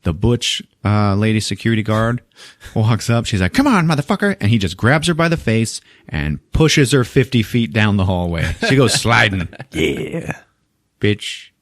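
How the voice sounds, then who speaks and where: A man hosting a podcast, recapping a movie in a casual, profane, animated way and laughing often. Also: fairly low pitch, normal speed, no room sound, clean studio sound. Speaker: podcast host.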